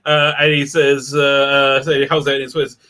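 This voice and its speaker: A man with an English accent hosting a livestream, rambling and crude, with lots of stammered restarts and loud laughs. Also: mid-range voice, monotone, normal speed. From England. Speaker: livestream host. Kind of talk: casual livestream chat.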